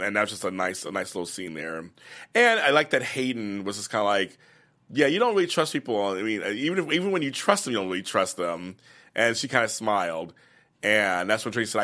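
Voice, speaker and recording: A man's voice: on the low side, sharp tone. A man hosting a fan aftershow, chatting casually and emotionally about the week's episodes, with many fillers and restarts. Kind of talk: casual chat recapping episodes.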